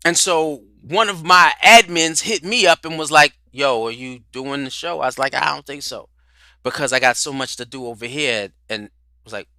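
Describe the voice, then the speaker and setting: Preacherly man with a bright, close voice. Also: on the high side, normal speed, no room sound. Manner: preacherly, rhetorical questions, repeats words, swings from loud to quiet. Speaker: host. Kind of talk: livestream talk on spirituality and culture.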